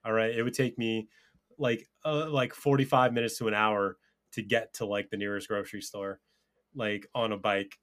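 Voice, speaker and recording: A man's voice: on the low side, steady tone, normal speed, a bit bright. A man co-hosting a podcast, arguing casually and profanely, often laughing mid-rant. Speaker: podcast co-host. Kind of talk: casual heated banter.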